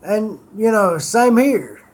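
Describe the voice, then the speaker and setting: A man's voice: high-pitched, animated, slow, darkish tone. A man streamer telling rambling stories in casual chat, swearing freely.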